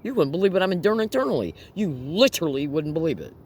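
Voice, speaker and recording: A man's voice: a little high, very animated, fast talker, darkish tone, slight background noise. A man vlogging straight to camera in an agitated, emphatic way, firing rhetorical questions at viewers. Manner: agitated, nervous laughter. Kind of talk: direct-to-camera monologue.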